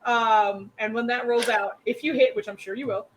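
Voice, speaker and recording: A woman's voice: fairly high pitch, steady tone, normal speed, slight background noise, rough recording. A woman as dungeon master of a tabletop game, explaining rules patiently, often giggling and apologizing.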